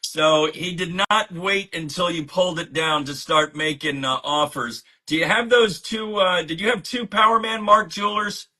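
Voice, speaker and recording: A man's voice: high voice, normal speed, few pauses, sharp tone. A man co-hosting a live comic sale, relaying viewers' offers and joking with playful banter. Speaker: co-host relaying chat offers. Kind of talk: live sales stream chat.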